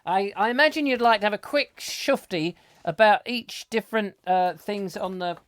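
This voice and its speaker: A man's voice: sits high, normal speed, a bit bright, smooth, no echo. Jokey male chat show host. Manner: jokey, rambling, self-mocking. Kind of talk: comic live chat show.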